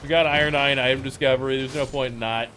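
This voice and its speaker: A man streaming a co-op game, in casual, joking banter with quick callouts. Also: mid-range voice, steady tone, bright, forceful tone, faint music behind.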